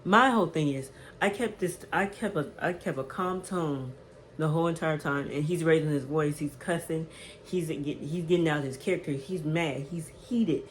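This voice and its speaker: Woman in her twenties, storytime vlog, animated, faint background hiss. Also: sits low, normal speed, rough recording. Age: 20s. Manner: animated, repeats "right?" to the viewer. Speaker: vlogger.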